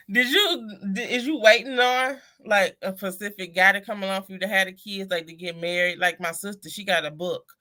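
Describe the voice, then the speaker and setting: A woman tells family stories on a livestream in an easy, conversational way. She acts out the people in her stories with big, lively voices. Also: medium pitch, normal speed. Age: adult mother. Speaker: livestream co-host. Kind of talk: casual livestream chat.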